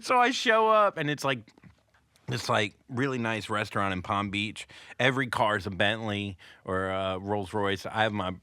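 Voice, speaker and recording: A man tells a story in a quick, animated way, full of swearing and laughter, and slips into other people's voices as he goes. His voice is bright and forward, and the recording is close and dry. It sounds like a casual podcast between comedians. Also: lowish voice, smooth, no room sound. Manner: animated, profane, acts out quoted voices, laughs often.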